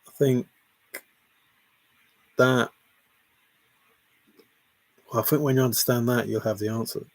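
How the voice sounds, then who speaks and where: Chuckling and rambling, a livestream host reads out comments from viewers and pokes fun at them. He speaks at a medium pitch in a steady tone and measured pace, with no echo.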